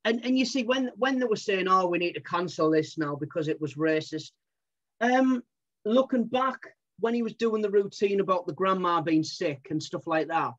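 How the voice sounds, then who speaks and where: A man's voice: high-pitched, muffled recording. A man, a comedian, chatting casually in an interview, rambling with lots of fillers. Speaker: comedian and impressionist.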